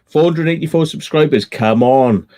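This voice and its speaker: A man's voice: on the high side, moderate pace, darkish tone. A man hosting a casual live-stream chat, laid-back and rambling, swearing freely as he tells stories. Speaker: livestream host.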